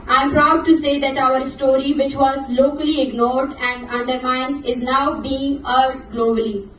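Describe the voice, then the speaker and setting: A young woman from Balochistan gives an earnest, measured speech from a stage, her voice sitting fairly high. The sound is roomy and reverberant, caught from some distance in a large hall with a faint hum of ambience behind her. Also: fairly even intonation, a bit bright. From Balochistan, Pakistan. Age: young adult. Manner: earnest, halting when speaking off script, many restarts. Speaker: activist speaker. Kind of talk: prepared speech at a forum. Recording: echoey hall, mic at a distance.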